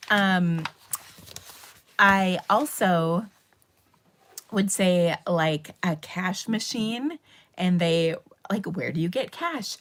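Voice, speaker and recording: A woman's voice: fairly low pitch, measured pace. A middle-aged woman with a Minnesotan accent, chatting casually and rambling on her craft livestream, with fillers and laughs. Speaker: papercraft livestream host.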